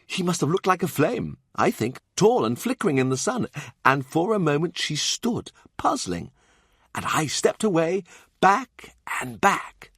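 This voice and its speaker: A man's voice: fairly high pitch, big pitch swings, measured pace, a bit bright, slightly rough, no room sound, studio quality, pitched above the performer's own voice, heavily acted. A man voicing an old knight courtier telling a dramatic story in an audiobook. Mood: storytelling. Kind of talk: audiobook character voice.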